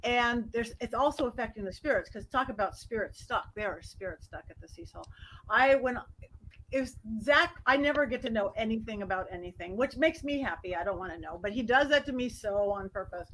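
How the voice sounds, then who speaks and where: High-voiced chatty woman storyteller. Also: a little hiss or hum, low-quality recording. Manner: animated, chatty, quick to laugh. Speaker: psychic medium guest. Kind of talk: casual storytelling chat.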